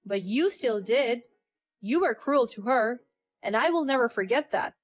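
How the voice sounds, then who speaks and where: A woman's voice: fairly high pitch, expressive, measured pace. A woman voicing a stern, protective older uncle in a storytelling narration, speaking firmly. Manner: firm, commanding.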